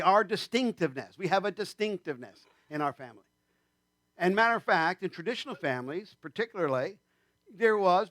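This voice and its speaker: A man's voice: fairly high pitch, fairly bright tone, no room sound. A man preaching a sermon in a church, conversational and rambling, with many fillers and asides. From New York State. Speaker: pastor.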